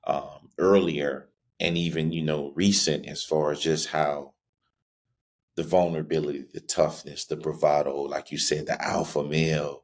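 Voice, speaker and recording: A man hosting a podcast, talking in a heartfelt, emotional, rambling way. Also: very deep voice. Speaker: podcast host. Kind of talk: conversational interview.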